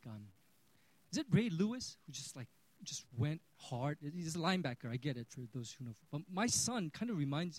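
Pastor, male, 30s, sermon with story, voice slightly high, dynamic from quiet to loud. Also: no room sound, poor audio. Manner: storytelling, swings between hushed and loud.

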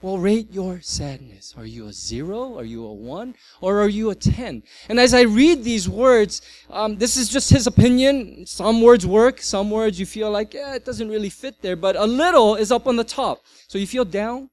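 A male pastor in middle age preaching a sermon with a notably high voice. He talks in an animated way, rising to loud emphasis and then dropping almost to a murmur. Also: normal speed, hardly any pauses, no echo. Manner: animated, varies loudness widely.

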